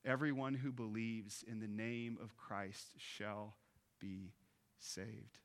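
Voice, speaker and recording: A man, a pastor, preaching an earnest Easter sermon, building up on key points and dropping soft on others. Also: lowish voice, fairly even intonation, slow pace. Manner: earnest, rising with emphasis then dropping soft.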